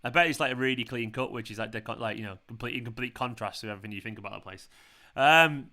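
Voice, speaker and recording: A man hosts a live football watchalong, chatting loosely with viewers. His voice has a bright, forward ring and a mid-range pitch. He is excitable and swears freely when the match surprises him. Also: quick pace. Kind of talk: casual live-stream chat.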